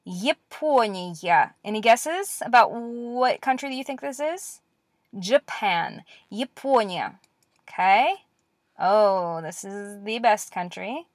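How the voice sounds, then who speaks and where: A woman teaching a lecture-style language lesson, repeating words slowly and clearly with patient encouragement. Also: fairly high pitch, dry recording, studio quality.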